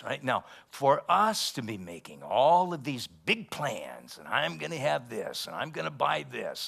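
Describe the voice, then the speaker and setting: A male pastor preaching a sermon, rising loud and emphatic when he quotes scripture. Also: medium pitch, creaky.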